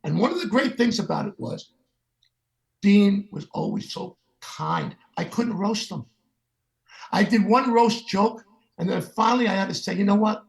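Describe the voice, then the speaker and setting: A man's voice: high voice, unhurried, gravelly. An older man, a guest musician, telling stories in a sit-down interview and acting out the voices of the people in them. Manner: animated, acts out the voices of the people in his stories.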